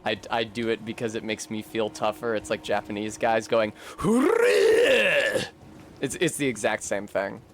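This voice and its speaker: Sarcastic New England streamer. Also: male voice, fairly low pitch, flat delivery, fairly quick, hardly any pauses. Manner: sarcastic and joking, swearing, bursts into shouts when frustrated. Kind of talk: casual gameplay commentary.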